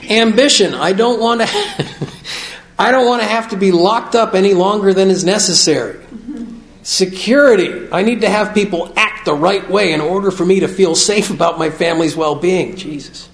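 A middle-aged man shares at a recovery meeting, reading aloud from notes at normal speed in a candid personal talk to the group. His gravelly, slightly high voice carries a confessional, self-mocking tone, echoing around a roomy hall.

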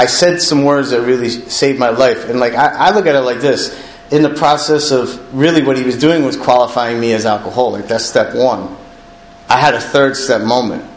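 Middle-aged man, plain-spoken recovery testimony, candid and self-mocking; roomy echo, faint hum behind. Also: mid-range voice. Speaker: recovering alcoholic sharing his story. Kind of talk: personal testimony. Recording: echoey room with faint ambient noise.

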